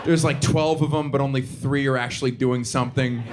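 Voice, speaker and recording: A young man from the Southern United States doing stand-up comedy, quick and animated, dropping into put-on voices for bits. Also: medium pitch. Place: theater stage before a laughing audience. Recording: live show with clear audience noise.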